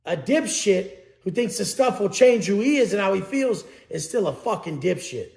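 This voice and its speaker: A man's voice: sits high, lively intonation, moderate pace, vocal fry, darkish tone, reverberant. A man giving a blunt, profane motivational talk as a coach, preaching to his audience.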